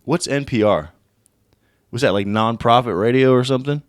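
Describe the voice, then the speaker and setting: A young man from the United States hosting a casual solo podcast, swearing and rambling as he looks things up and reads aloud haltingly. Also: medium pitch, no echo, clean studio sound. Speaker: podcast host.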